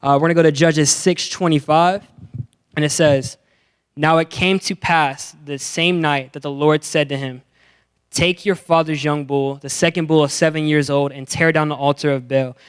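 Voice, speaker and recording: A young man preaching to a youth group, his voice smooth and clear and sitting a little high. He talks with energy and playful slang and acts out the characters as he tells their stories. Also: fairly even intonation, moderate pace. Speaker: youth pastor. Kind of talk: youth sermon with acted-out stories.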